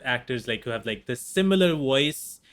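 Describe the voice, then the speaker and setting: A man's voice: medium pitch, expressive, moderate pace, a bit bright. A man hosting a podcast interview, talking casually and enthusiastically, often agreeing and laughing. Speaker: podcast host.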